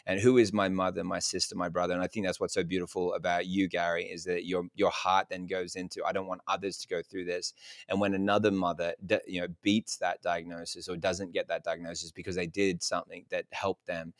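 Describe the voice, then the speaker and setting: A man talking as an interview guest, excited and emphatic, often restarting his sentences. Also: deep voice, brisk, no echo, clean studio sound. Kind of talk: enthusiastic interview talk.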